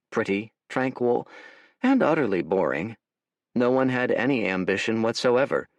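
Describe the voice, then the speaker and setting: A man narrating an audiobook in a wry, animated storytelling manner, recorded close to the mic. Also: fairly low pitch, no room sound. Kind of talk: scripted narration.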